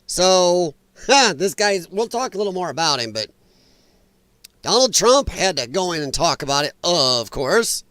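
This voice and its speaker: A man's voice: sits high, sing-song, measured pace, fairly bright tone, dry recording. A man hosting a casual political commentary livestream, chatty and sarcastic, laughing often, his voice a little strained. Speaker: livestream host. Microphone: own microphone.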